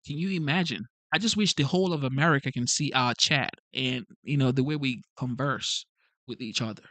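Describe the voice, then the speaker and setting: Speaking fairly quickly in a medium-pitched, slightly bright voice, this man reads live chat as host of a casual stream. He immigrated to the country, English isn't his native language, and he sounds earnest and pleading, often repeating himself. The recording has no room sound.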